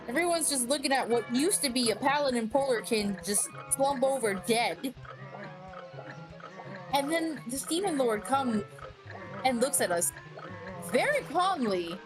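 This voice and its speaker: A woman tells a story with a lot of life in it, swearing freely and laughing as she goes. Her voice sits a bit higher than most. Soft music plays behind her. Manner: animated and expressive, swears freely, laughs often. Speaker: friend recounting a tabletop game session. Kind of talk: casual storytelling on a stream.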